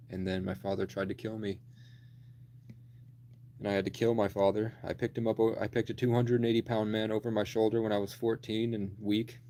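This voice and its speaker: A young man in his twenties talks on and on in a low, flat voice. He swears freely and bluntly as he rambles through a story. A faint ambient hum sits underneath. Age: 20s. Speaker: livestreamer.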